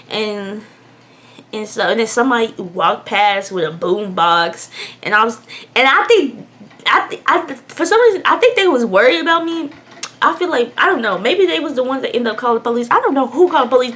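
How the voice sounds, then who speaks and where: Young woman, storytime vlogger, candid and emotional, slightly high voice. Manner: candid, emotional, swings between hushed and loud. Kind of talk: storytime vlog.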